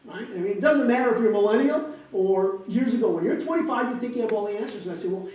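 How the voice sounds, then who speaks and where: A man in his fifties from Wisconsin gives a keynote speech as an animated storyteller with comic timing. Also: high-pitched, fast. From Wisconsin, USA. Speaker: keynote speaker. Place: large hall, on stage. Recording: echoey hall, distant mic, faint noise.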